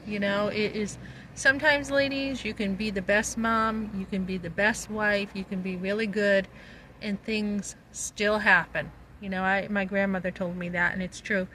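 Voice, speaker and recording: A woman's voice: medium pitch, fairly even intonation, unhurried, bright, forceful tone, slight background noise, low-quality recording. A middle-aged woman talking bluntly and emphatically in a casual vlog, recorded outdoors on a phone. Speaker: vlogger. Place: outdoors on a street.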